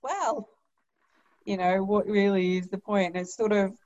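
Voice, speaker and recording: A woman's voice: medium pitch, measured pace, darkish tone, highs cut off, a little hiss or hum. A woman midwife speaking frankly and a little hesitantly about a hard week at work. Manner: frank, hesitant, many fillers. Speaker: midwife and podcast guest. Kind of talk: casual chat.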